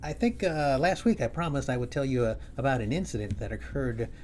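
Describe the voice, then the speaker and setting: A male comedian telling a wry story at home in a halting, restarting way. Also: mid-range voice, animated, darkish tone, slight background noise. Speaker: comedian and host. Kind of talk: storytelling monologue. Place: his home, upstairs.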